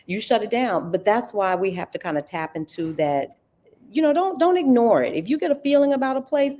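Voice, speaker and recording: A woman hosting a livestream talk, animated and folksy, calling listeners honey and girl. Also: medium pitch. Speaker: host.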